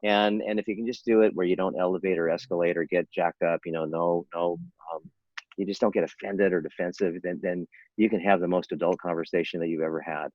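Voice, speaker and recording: An older man in his sixties with a very low voice rattles through his points quickly, earnest and persuasive and often restarting his sentences. The sound is dry and dull, like lo-fi video call audio. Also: fairly even intonation, dry recording. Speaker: interventionist guest. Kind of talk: casual interview talk.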